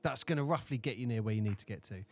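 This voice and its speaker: A man co-hosting a podcast, telling stories in a rambling, animated way with many restarts. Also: on the low side, rapid-fire, slightly rough, soft background music. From United Kingdom. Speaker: podcast co-host. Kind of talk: casual chat.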